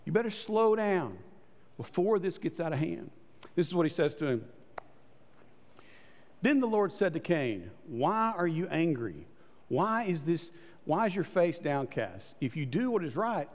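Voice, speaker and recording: Male pastor, fairly high voice, very lively delivery, hall reverb. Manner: conversational preaching, acts out voices with rising pitch. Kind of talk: sermon.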